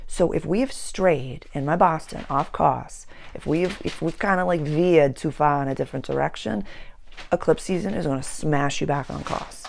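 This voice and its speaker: A woman astrologer and channeler in casual spiritual talk, earnest, slowing down and repeating words for emphasis. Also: low-pitched, creaky, a little mellow, a little hiss or hum.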